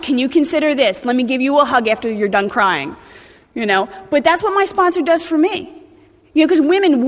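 This woman in her thirties from New Jersey, USA, has a high voice and a New Jersey accent, and the recording has a long reverb tail. At a recovery meeting she speaks bluntly and animatedly, swearing and restarting her sentences.

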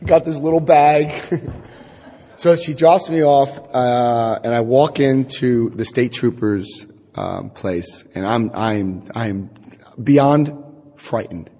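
A middle-aged man from New Jersey telling a personal recovery story, wryly and self-deprecatingly, acting out dialogue with halting restarts. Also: mid-range voice, warm tone, slightly rough. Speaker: speaker sharing his recovery story. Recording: long hall reverb.

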